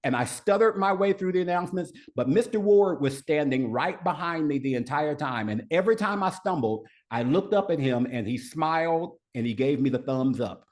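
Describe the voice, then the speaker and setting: A man's voice: a little high, lively intonation, normal speed, hardly any pauses, a little mellow. A man guest on a podcast, telling a personal story in an earnest way, with an occasional stutter. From United States. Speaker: podcast guest, leadership coach. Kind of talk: storytelling interview answers.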